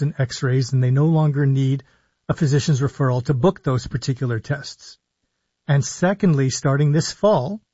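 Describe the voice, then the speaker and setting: A man, a physician hosting a live call-in radio show, explaining in a measured way with slow emphasis on key words. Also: a little high, a little mellow, husky, dry recording, lo-fi sound. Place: radio studio.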